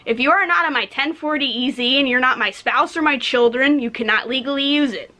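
A woman's voice: high-pitched, a little fast, pushed and bright. A young woman from the United States, a cashier ranting bluntly about customers in a casual vlog, swearing freely and saying "like" a lot. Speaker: vlogger, retail cashier.

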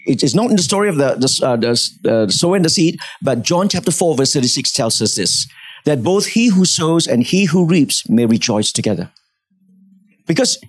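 A man preaching a sermon in church, telling a story with animated delivery and acting out the people in it. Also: on the high side, no room sound. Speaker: pastor.

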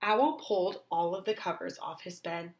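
A woman teacher reading a children's book aloud, slowly and clearly for young children. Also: on the low side, a little hiss or hum.

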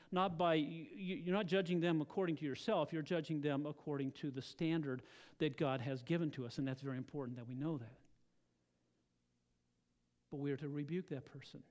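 A male pastor with a fairly high-pitched voice delivers a church sermon. He speaks earnestly and keeps turning to his listeners with rhetorical questions.

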